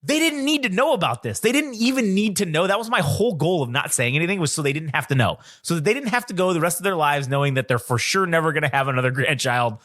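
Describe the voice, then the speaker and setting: A man's voice: on the high side, animated, fast, few pauses, fairly bright tone. A young man on a podcast, telling a story in a casual, profane, self-mocking way. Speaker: podcast co-host.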